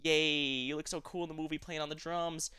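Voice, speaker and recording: A man doing a chirpy excited kid sibling. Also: fairly high pitch, fairly quick, clear, resonant tone, voice pushed up. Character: eager little sibling who idolizes big sister.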